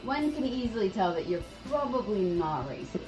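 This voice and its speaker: A woman's voice: medium pitch, sing-song, normal speed, over loud music. A woman chatting casually and playfully on her husband's stream. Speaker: co-host, streamer's wife. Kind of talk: casual chat.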